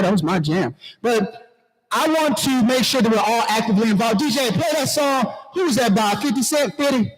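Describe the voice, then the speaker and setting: High-voiced playful man emceeing a conference. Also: low-quality recording. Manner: playful, preachy, talks to the crowd. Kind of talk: lively stage emcee talk. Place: conference hall.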